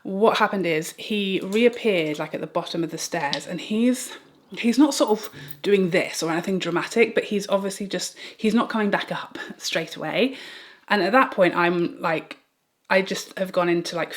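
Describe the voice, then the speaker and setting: Chatty British woman telling a story. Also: medium pitch. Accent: British English. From Britain. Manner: rambling, animated retelling with restarts and laughs. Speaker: beauty vlogger. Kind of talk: get-ready-with-me storytime.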